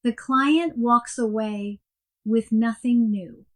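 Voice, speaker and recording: A woman giving a scripted coaching lesson in a clear, measured and emphatic way. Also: fairly high pitch. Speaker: coaching instructor. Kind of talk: scripted instructional narration.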